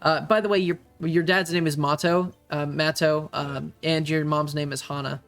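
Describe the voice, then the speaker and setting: A man's voice: fairly high pitch, steady tone, a bit bright, soft background music. Hesitant man narrating as game master. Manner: halting, many fillers.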